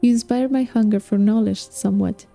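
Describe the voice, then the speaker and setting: A woman's voice: medium pitch, steady tone, brisk, creaky, dark tone, faint music behind, natural voice. Woman reading as a clever, probing young queen. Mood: cool. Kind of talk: reading a novel aloud.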